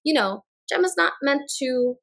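A woman's voice: sits high, lively intonation, a bit bright. A woman co-hosting a podcast, recapping a reality show in casual chat and acting out quotes from the cast. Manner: fast recapping with acted-out quotes. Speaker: podcast co-host.

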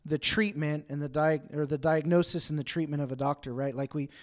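Brief: male pastor, light higher voice, casual sermon to a congregation, acts out everyday exchanges. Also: fairly even intonation, brisk. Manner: chatty, acts out everyday dialogue in asides. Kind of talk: conversational sermon. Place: room with a congregation.

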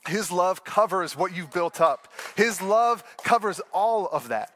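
A man's voice: high-pitched, lively intonation, measured pace, a bit bright, slight background noise. A man preaching an earnest, conversational sermon, often laughing and restarting his sentences. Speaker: pastor.

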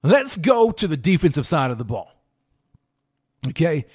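Man, high voice, hyped sports talk host, sing-song emphasis, repeats himself. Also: very animated, unhurried, a little mellow, slightly rough. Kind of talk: fired-up sports commentary to fans.

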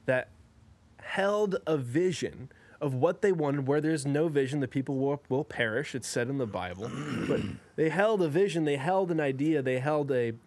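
Young male podcast co-host, slightly high voice, crude and rambling. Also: normal speed, darkish tone, dry recording. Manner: crude, rambling, jokey, swears a lot. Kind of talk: casual chat.

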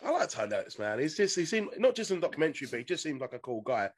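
An eager male podcast host talks quickly with a lively, bouncing pitch. His voice sits somewhat high, and he reacts with plenty of enthusiasm and laughter. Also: no echo, clean studio sound. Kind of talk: casual interview chat.

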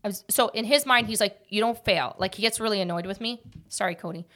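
Bright-voiced woman, rapid chatter. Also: medium pitch. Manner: rapid, jumps between thoughts. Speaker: podcast host. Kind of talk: casual podcast chat.

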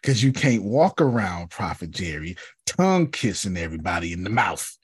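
A man, a bishop, giving an animated teaching talk on a video call, emphatic and repetitive, calling on listeners by name. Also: sits low, normal speed, husky, dry recording, studio quality. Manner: emphatic, repeats himself, calls on listeners by name.

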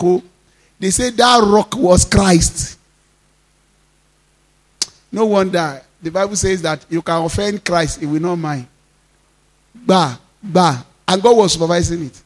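A male pastor with a Nigerian accent preaching a sermon, reading scripture slowly and breaking into emphatic, rising declarations. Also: high voice. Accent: Nigerian, Yoruba-speaking. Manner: mixes in Yoruba phrases.

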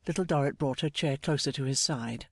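A man's voice: medium pitch, brisk, no room sound, studio quality. Earnest male audiobook narrator.

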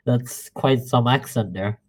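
A man chatting as a podcast guest in a slow, drawn-out manner. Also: mid-range voice. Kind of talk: casual chat.

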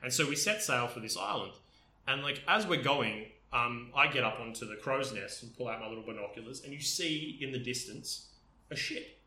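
A man with a very bright, forceful voice talks enthusiastically in a casual chat, piling up fillers as he tells his stories. The room is roomy and echoey around him. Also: mid-range voice, animated, normal speed. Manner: enthusiastic, storytelling with many fillers. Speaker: podcast co-host. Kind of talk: casual chat about games. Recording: roomy echo.

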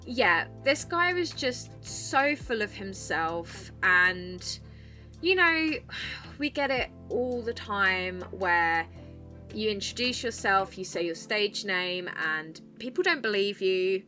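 A young woman talks through her nights at work in a bubbly, chirpy monologue, unhurried and in no rush. Her voice is bright and forward, with faint music underneath. She swears freely and sounds loose and casual. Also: medium pitch, animated. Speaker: podcast host and club dancer.

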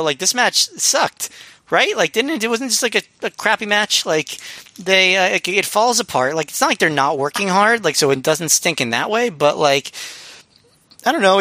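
Man, podcast co-host, rambling casual chat, bright forceful tone, dry close sound. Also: high-pitched, no echo. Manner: rambling, many fillers and restarts. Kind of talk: casual chat reviewing wrestling.

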